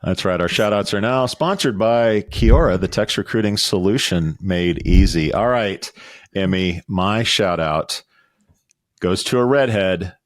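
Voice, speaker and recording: Deep-voiced middle-aged podcast host. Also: male voice, unhurried, no room sound. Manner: chatty, joking, reads promos and lists of names. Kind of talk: casual podcast chat.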